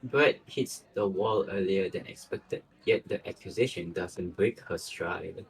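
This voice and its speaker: A man narrating a story in a steady, measured way. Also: low voice, creaky, rough recording.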